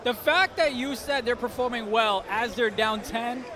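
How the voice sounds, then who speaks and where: A man's voice: very high voice, normal speed, crowd noise. A man giving esports color commentary, chatty in his analysis and teasing in banter. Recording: game sounds and noise behind.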